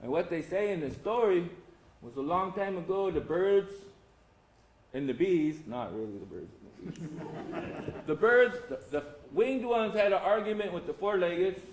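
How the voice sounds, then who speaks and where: Older guy telling funny stories to a crowd, pretty high voice, echoey room. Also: animated, measured pace, a little hiss or hum. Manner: folksy, humorous, addresses the audience directly. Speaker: symposium speaker. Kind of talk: storytelling talk to an audience. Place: lecture hall. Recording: roomy hall sound, faint ambience.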